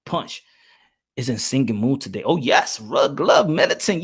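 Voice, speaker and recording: A man's voice: mid-range voice, animated, normal speed, fairly bright tone, slightly rough. A man hosting a live boxing podcast in playful, joking casual chat, often repeating himself.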